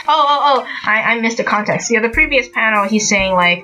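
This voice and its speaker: Chatty woman with a bright voice. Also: fairly high pitch, a little fast, faint music behind. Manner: chatty, many fillers and asides. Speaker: podcast host. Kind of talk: casual manga commentary.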